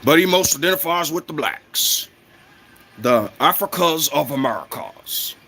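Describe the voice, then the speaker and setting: A man's voice: fairly high pitch, lively intonation, measured pace, bright, forceful tone, breathy edge. A man ranting in a casual, heated, profane monologue, often repeating himself.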